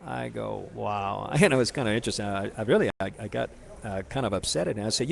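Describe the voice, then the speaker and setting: A man telling a personal story in a rambling, halting way, full of restarts and fillers, speaking to someone he addresses directly. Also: medium pitch, vocal fry.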